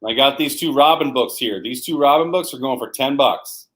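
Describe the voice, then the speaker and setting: A man of middle pitch co-hosts a live comic sales show. He walks through bundles in an easygoing way and keeps addressing viewers as folks. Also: moderate pace, a bit bright, low-quality recording. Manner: easygoing, lists deals and repeats "folks".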